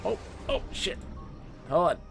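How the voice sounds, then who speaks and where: A man's voice: unhurried, a bit bright, faint music behind. A man streaming a space game live, chatting casually to himself while he plays. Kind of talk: live gameplay commentary.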